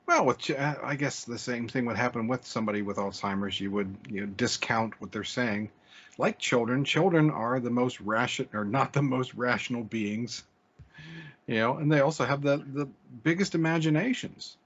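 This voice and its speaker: A man's voice: mid-range voice, normal speed, fairly bright tone. Hesitant man chatting on a podcast. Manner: hesitant, restarts his phrases. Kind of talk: casual podcast chat. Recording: dull, lo-fi podcast audio.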